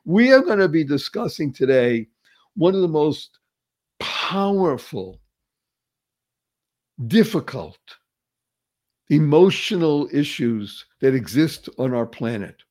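An energetic man hosts a motivational talk show, his voice sitting slightly high for a man. He gushes over his guest and hammers his points home by repeating key phrases. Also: unhurried. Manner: enthusiastic, effusive, repeats phrases for emphasis. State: paralyzed for years. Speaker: show host.

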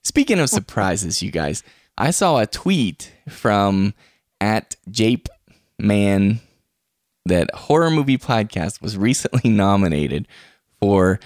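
A man's voice: fairly low pitch, sing-song, slow, darkish tone, no echo, clean studio sound. A man hosting a podcast in casual chat, chatty and laughing often. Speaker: podcast host. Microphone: podcast microphone.

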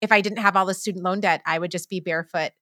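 A woman's voice: fairly low pitch, steady tone, fast talker, bright, forceful tone, dry recording. A woman podcast host in casual chat who speaks eagerly and talks straight to her listeners. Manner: enthusiastic, addresses listeners directly.

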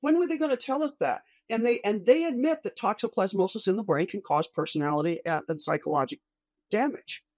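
Female doctor guest, mid pitch, dry sound, blunt and indignant. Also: fairly quick, darkish tone, no echo. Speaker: physician guest. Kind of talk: casual discussion.

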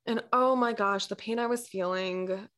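A woman's voice: mid-range voice, moderate pace, a bit bright. A young woman who is a blogger, chatting casually and telling a personal story with lots of "like", acting out the people she quotes and sometimes dropping to a near-whisper. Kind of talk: casual chat.

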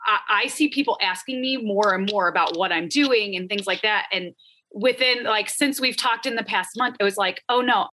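Bright chatty woman, podcast guest. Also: medium pitch, moderate pace. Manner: chatty, frequent "like" fillers. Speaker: podcast guest, productivity coach. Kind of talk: casual podcast interview.

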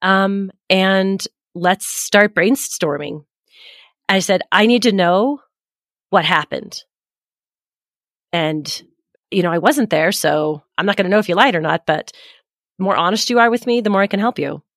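A woman's voice: mid-range voice, unhurried, long pauses, a bit bright, dry recording, studio quality. A woman in her forties hosting a parenting podcast, telling a personal story candidly and acting out what people said. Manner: candid, reflective, acts out quoted voices.

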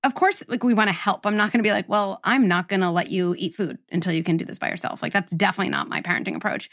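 A woman's voice: medium pitch, very animated, rapid-fire, fairly bright tone. A woman hosting an interview as a parenting psychologist, explaining her ideas emphatically with lots of "like" and "right?". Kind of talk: interview conversation.

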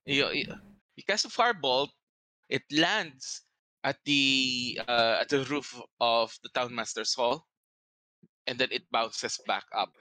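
A man narrating a tabletop game as game master, in a measured, descriptive way. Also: medium pitch, sharp tone, no echo.

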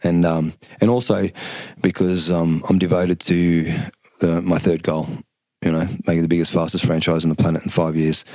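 A man's voice: deep voice, moderate pace, no echo. An Australian man in his fifties, a former fighter, talking casually and at length as an interview guest, acting out quotes as he tells stories. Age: 50s. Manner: rambling, animated storyteller who acts out quotes. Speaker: guest, former kickboxing champion.

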